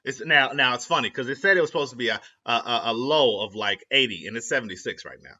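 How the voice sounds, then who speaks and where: Talking fast in a pushed, bright mid-range voice, this young Ohio vlogger rambles to camera with slang, cuts himself off, and cracks up at his own jokes. The audio is lo-fi and dull.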